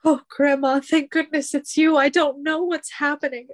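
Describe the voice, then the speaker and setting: A woman playing an anxious, polite teenage bard in a tabletop game, flustered and quick to apologize. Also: high voice, flat delivery, natural voice. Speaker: player.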